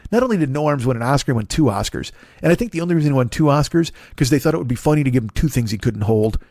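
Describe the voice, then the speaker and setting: A man's voice: medium pitch, lively intonation, rapid-fire, a little mellow, no room sound, studio quality. A man in his forties, a comedian hosting a podcast, delivering a profane, rambling comic monologue with frequent restarts. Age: 40s.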